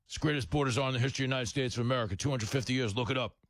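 A man putting on the voice of a gruff, boastful man with a gravelly voice, rattling off brash brags at speed. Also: medium pitch, dry recording, natural voice. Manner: brash, rapid bragging.

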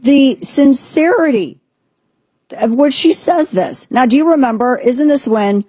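Indignant woman host, husky and dark. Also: high-pitched, measured pace, no room sound. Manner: indignant, sarcastic, emphatic. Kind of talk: opinionated political commentary.

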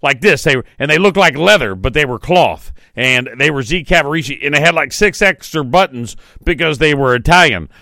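A man in his forties hosting a morning radio talk show, telling stories in a lively, chatty way. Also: fairly high pitch, a little fast, few pauses, no echo, clean studio sound. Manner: animated storytelling, mimics quotes. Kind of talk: casual radio chat.

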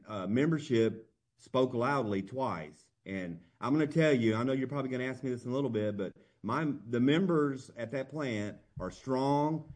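A man, a union representative speaking as an interview guest, earnest and plain-spoken, with halting restarts. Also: medium pitch, a little mellow.

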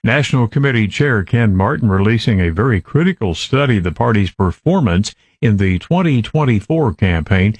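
A man reading a radio news bulletin in a crisp announcer manner. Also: fairly low pitch, lively intonation, moderate pace, few pauses, dry recording. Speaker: news anchor.

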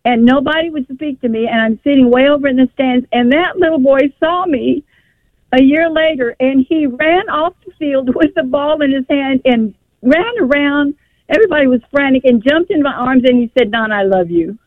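A woman's voice: high-pitched, normal speed, no room sound. Older woman, radio caller, emotional rambling storyteller, tinny phone sound, dry line. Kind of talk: call-in radio conversation. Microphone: telephone.

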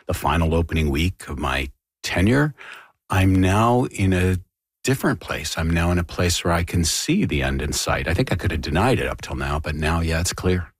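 A man's voice: low-pitched, slightly rough, no echo, studio quality. An older man, a theater director, answering interview questions in a thoughtful, storytelling way. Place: radio studio.

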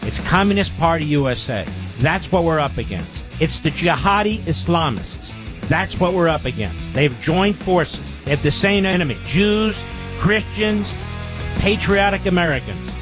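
A man's voice: on the high side, lively intonation, moderate pace, over music. A man in a talk radio clip, speaking in an emphatic, combative way.

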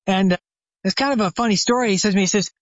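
Retired chiropractor telling an animated story. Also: male voice, sits high, fast, no room sound. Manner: animated anecdote teller, acts out quoted phone calls. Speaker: retired chiropractor, guest expert. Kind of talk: storytelling interview. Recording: dry, slightly dull sound.

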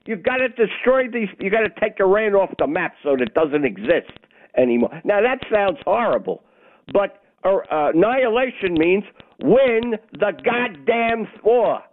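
Brief: older male caller, high and swooping voice, blunt and agitated, tinny phone line. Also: lively intonation, moderate pace. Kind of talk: call-in talk radio.

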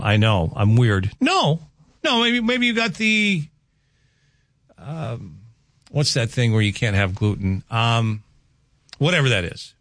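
A man's voice: on the high side, fairly bright tone, husky, dry recording, studio quality. Chatty, rambling male radio host. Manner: rambling, chatty, with frequent restarts and asides. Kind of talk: casual morning radio chat. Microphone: studio microphone.

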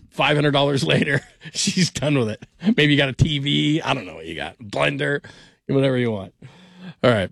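Rambling sports radio host, dry sound. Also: male voice, medium pitch, expressive, fairly quick, gravelly, a bit bright, no echo. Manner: rambling, restarts and self-interrupts, laughs often. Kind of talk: late-night sports talk radio. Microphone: studio microphone. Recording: dry close studio sound.

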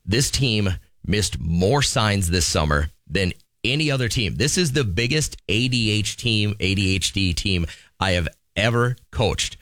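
A man's voice: fairly low pitch, animated, measured pace, a bit bright, no echo, studio quality. A man hosting a morning radio show, telling stories and teasing callers in casual banter. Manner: joking storyteller, teasing callers.

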